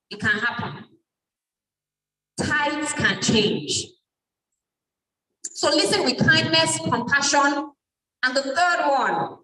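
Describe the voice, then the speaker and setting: A middle-aged Nigerian woman speaks to a church youth gathering at an unhurried pace, often stopping to ask the audience questions. Her voice is a touch high. She is recorded from a distance in a large, echoing hall. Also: pushed and bright, a little hiss or hum. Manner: asks the audience questions and answers them. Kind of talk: motivational talk to an audience. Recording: echoey hall, mic from far off.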